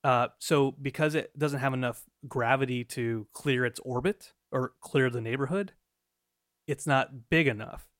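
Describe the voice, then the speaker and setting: A man's voice: medium pitch, normal speed, hardly any pauses, no echo, clean studio sound. A man in his thirties co-hosting a podcast, playful and laughing often, with many restarts as he explains. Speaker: podcast co-host. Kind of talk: casual podcast chat.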